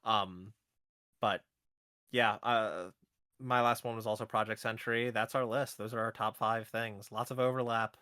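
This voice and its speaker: A man co-hosting a gaming podcast in casual chat, chatty and quick to laugh, often restarting his phrases. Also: fairly low pitch, fairly even intonation, pushed and bright, no echo, studio quality. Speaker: podcast co-host.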